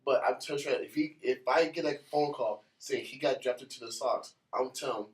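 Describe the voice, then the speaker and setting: A man from New York in casual chat, animated and swearing, repeating himself when heated. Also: mid-range voice, a little fast, hardly any pauses. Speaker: podcast guest. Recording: echoey room, distant mic.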